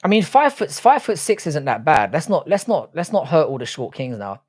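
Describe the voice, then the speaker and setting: A man's voice: on the high side, sing-song, normal speed, a little mellow, no room sound, studio quality. Swearing man streaming live. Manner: swears freely, banters with chat. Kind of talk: casual live-stream chat.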